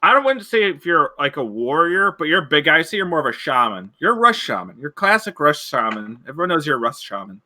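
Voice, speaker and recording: A man's voice: on the high side, sing-song, fast, hardly any pauses, sharp tone. A man chatting casually with his tabletop group over a voice call, teasing and laughing a lot. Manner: teasing, laughs often, repeats himself. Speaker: tabletop game player. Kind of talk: casual voice-chat banter.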